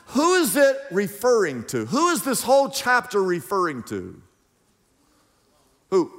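High-voiced preaching man in reverberant hall. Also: a bit bright. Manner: emphatic preaching, rhetorical questions to congregation. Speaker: pastor. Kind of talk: sermon. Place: church sanctuary.

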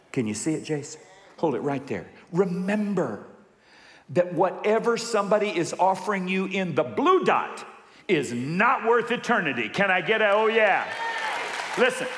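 A man preaching a sermon, animated, acting out quoted voices and calling for responses from the congregation. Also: high-pitched. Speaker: pastor. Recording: long hall reverb.

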